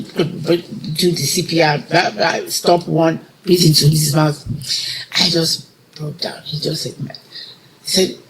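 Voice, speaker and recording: This interview guest is a middle-aged woman with a Nigerian accent whose deep voice is creaky. She shares a heartfelt personal story and brings it to life by acting out other people's quoted lines. Audio is poor, with slight hiss or hum.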